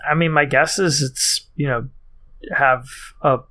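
A man co-hosting a casual podcast, easygoing and quick to laugh. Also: medium pitch, steady tone, sharp tone. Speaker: podcast co-host.

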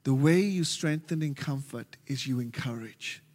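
An Australian man preaching a sermon as pastor, animated and joking with his congregation. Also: mid-range voice. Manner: animated, jokey preaching with quick asides. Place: large church hall. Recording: reverberant church hall.

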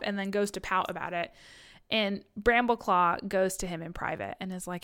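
A woman co-hosting a casual chat, recapping a book series with jokes, swearing and quick acted-out character lines. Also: medium pitch, bright, forceful tone, smooth.

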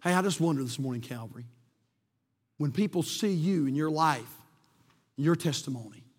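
A male pastor preaching a sermon with passion, swelling and then dropping to quiet emphasis, in a church sanctuary. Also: on the high side, expressive, normal speed, husky. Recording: long reverb of a church hall.

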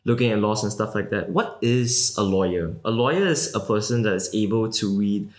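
A young man from Malaysia, a guest in a casual interview, talking quickly and loosely with lots of "like" fillers and the odd swear word. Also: on the low side. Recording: roomy echoey recording.

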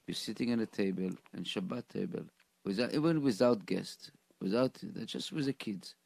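Gravelly radio guy, stumbles over his words then pushes his point, dry sound. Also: lowish voice, moderate pace, darkish tone, no echo. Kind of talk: casual chat.

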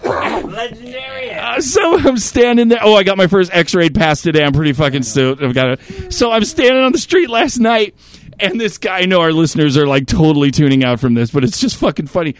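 A man hosting a podcast, telling animated stories in casual chat and swearing a lot. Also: sits high, brisk. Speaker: podcast host.

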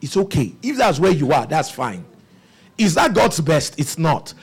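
A man's voice: a little high, big pitch swings, measured pace, slightly rough. A man preaching a sermon, asking the congregation rhetorical questions.

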